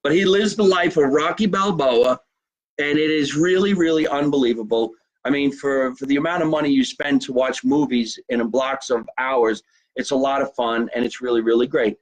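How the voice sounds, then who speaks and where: Casual male host, mid-pitched, joking through fan mail and plugs. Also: normal speed. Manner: chatty, jokey, reads fan mail and sponsor plugs. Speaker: podcast host. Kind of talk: casual live show chat.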